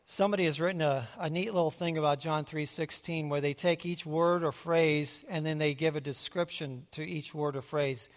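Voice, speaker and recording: A man preaching a sermon in a relaxed, conversational way, telling his own story with frequent restarts. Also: fairly high pitch, moderate pace, few pauses. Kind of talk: sermon with personal testimony. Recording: hall reverb.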